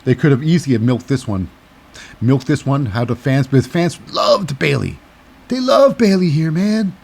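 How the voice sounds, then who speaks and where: A man's voice: mid-range voice, expressive, moderate pace, gravelly, darkish tone, breathy edge. A man hosting a casual wrestling recap, rambling and cynical and full of fillers. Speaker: host.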